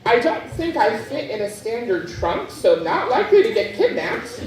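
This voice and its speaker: A woman performing a stand-up comedy set on a club stage with a deadpan, crude delivery. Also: a little high, normal speed, distant mic, music in the background. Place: club stage before a laughing crowd. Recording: echoey club, mic heard from afar.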